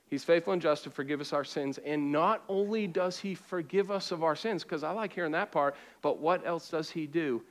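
A man in the pulpit, his voice pitched high, preaching with call-and-response. He swings between ringing exhortation and quiet, hushed passages, and drops in joking asides to the room. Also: moderate pace, hardly any pauses. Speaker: pastor. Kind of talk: sermon. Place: church auditorium with congregation.

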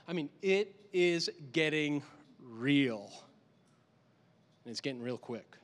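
A male pastor giving an animated, conversational sermon in a church, with lots of repetition for emphasis. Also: on the high side, slow, long pauses. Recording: long hall reverb.

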